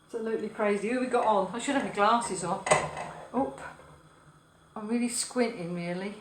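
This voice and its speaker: A woman's voice: medium pitch, normal speed. A woman hosting a casual live cooking show, chatting playfully with viewers and her dogs as she cooks. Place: home kitchen. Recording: echoey kitchen with faint noise. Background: frying and sizzling food.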